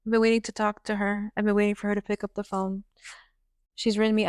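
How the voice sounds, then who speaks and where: A young woman hosts a podcast, talking straight to the listener in a raw, exasperated monologue peppered with swearing. Her voice is smooth and clear, sits at an ordinary middle pitch, and is recorded close and dry with no room sound. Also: flat delivery, quick pace, a little mellow, dry recording. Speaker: podcast host. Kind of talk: personal monologue.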